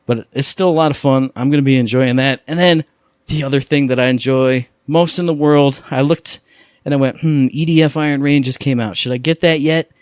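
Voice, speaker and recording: A man co-hosting a podcast, talking about video games with animated enthusiasm in casual chat. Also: medium pitch, brisk, clean tone, dry recording, studio quality. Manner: enthusiastic, animated gamer talk. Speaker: podcast co-host.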